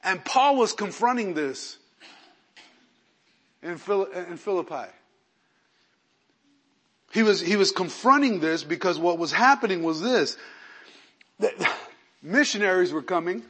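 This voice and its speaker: A man preaching to his congregation in a high, bright voice. He moves between slow, loud emphasis and hushed, quick asides, and he acts out the people he quotes. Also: husky. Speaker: pastor. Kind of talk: sermon.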